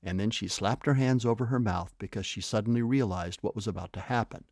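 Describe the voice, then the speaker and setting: A man reading aloud a children's story as the storyteller, in an animated storytelling manner. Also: lowish voice, fairly quick, dry recording, clean studio sound.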